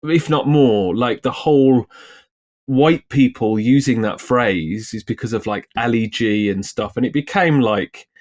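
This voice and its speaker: A man's voice: medium pitch, unhurried, darkish tone. A British man co-hosting a casual podcast discussion, chatty and loose, with lots of "like" in his talk. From Britain. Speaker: podcast co-host, screenwriter.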